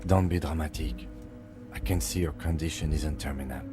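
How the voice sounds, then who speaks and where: An actor playing a calm, stern police lieutenant who speaks in a dry, measured way. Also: male voice, very deep voice. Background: game music.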